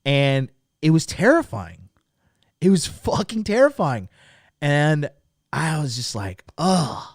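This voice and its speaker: A man hosting a livestream, telling a crude story to his chat in a casual, animated way, swearing freely. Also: on the high side, slow pace, no room sound, studio quality. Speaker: livestream host. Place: lived abroad in Japan.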